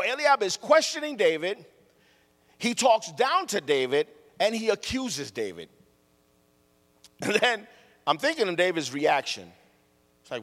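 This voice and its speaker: A man preaches a sermon with animated storytelling, repeating his phrases for emphasis. His voice sits a little high and swings widely in pitch. A long reverb trails behind him, as in a large hall. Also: a little slow, long pauses.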